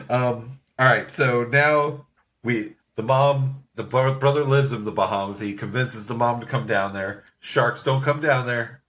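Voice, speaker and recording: A man's voice: medium pitch, expressive, slow pace, a bit bright. A man co-hosting a casual movie review chat, joking, laughing often and swearing freely.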